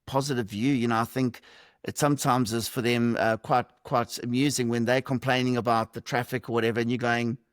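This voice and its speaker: A man's voice: mid-range voice, steady tone, brisk, no echo, clean studio sound. Reflective man on a call. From South Africa. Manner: reflective, lightly humorous, many fillers. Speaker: podcast guest. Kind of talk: conversational interview answers. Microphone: video call.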